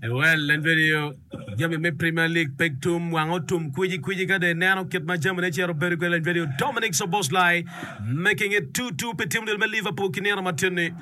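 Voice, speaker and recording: Excitable football commentator. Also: male voice, high voice, slight background noise. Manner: excitable, rapid, breaks into sing-song calls. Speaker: sports radio commentator. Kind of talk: live football commentary mixing languages.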